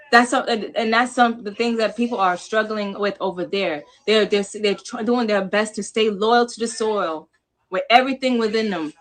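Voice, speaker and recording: A woman with a Jamaican-American accent talks on a livestream panel with a bright, forceful edge. Her delivery is emphatic and repetitive, and she swears casually. Her pitch sits in a typical middle range for a woman. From New York. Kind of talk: impassioned livestream talk.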